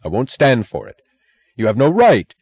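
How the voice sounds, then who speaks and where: A man's voice: medium pitch, wildly swooping pitch, moderate pace, creaky, a little mellow, breathy edge, no room sound, highs cut off, voice pushed up, exaggerated voice. A man reading an audiobook, voicing a frightened, blustering industrialist who protests shrilly. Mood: indignant.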